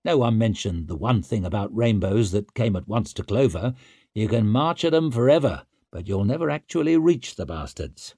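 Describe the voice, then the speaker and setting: A man's voice: fairly low pitch, animated, moderate pace, warm tone, husky, dry recording, studio quality. Man narrating an audiobook.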